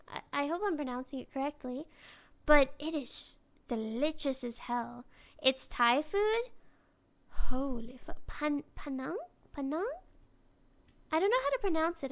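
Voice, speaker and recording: A woman's voice: high-pitched, a bit bright. A young woman in casual chat. She rambles, swears freely and restarts her sentences often.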